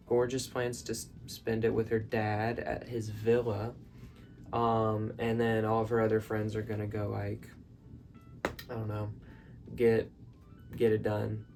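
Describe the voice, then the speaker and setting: A man's voice: on the low side, completely flat delivery, a little slow, gravelly, a little mellow, faint music behind. A man in his bedroom rambling through a film recap, full of "like" and "um". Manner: rambling, filler-heavy, lots of "like". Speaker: vlogger. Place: bedroom at night.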